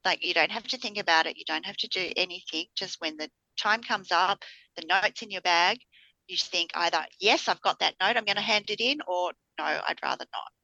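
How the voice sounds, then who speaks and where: Bright-voiced woman telling a story. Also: lowish voice, a little fast, gravelly, no echo, highs cut off. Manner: animated storyteller acting out quotes. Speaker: podcast co-host. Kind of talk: casual chat.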